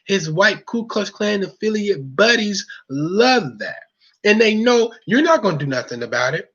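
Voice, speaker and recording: A man's voice: high-pitched, big pitch swings, a little slow, a bit bright, slightly rough. A man delivering an angry, repetitive monologue in a heated, preaching manner. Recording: dull lo-fi recording.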